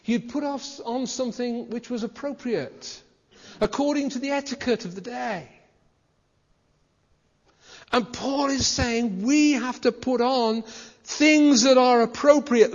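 A man's voice: very high-pitched, measured pace. A man preaching a sermon in a conversational way, asking his listeners questions. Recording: dull recording with hall reverb.

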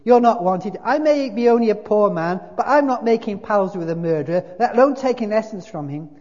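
A blustering, self-righteous dead working man rants at a raised, strained pitch, as a preacher voices him. He is loud and insistent. The sound is dull and muffled, with long reverb from a big hall. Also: expressive, brisk. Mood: indignant.

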